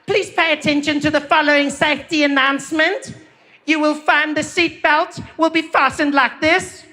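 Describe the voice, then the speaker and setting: A man voicing a prim female flight attendant reading safety announcements slowly and over-precisely in stand-up comedy. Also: extremely high pitch, little pitch movement, pushed and bright, voice pushed up. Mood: prim, formal.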